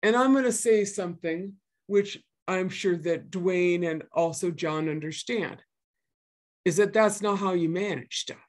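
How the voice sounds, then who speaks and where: A woman's voice: fairly low pitch, unhurried. Emphatic woman, sixties, speaking at a public session; earnest, restates her main points, many fillers. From northern Minnesota. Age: 60s. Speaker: guest speaker.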